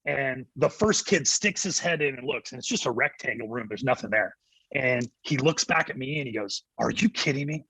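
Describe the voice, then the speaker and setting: A middle-aged man tells his story with lively energy, acting out what people said. His voice is bright and forceful, with a husky edge. The sound is close and dry. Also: mid-range voice, no echo, low-quality recording. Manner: animated storyteller acting out quotes, quick laughs. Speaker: guest, youth ministry director. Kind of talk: storytelling in a church podcast interview.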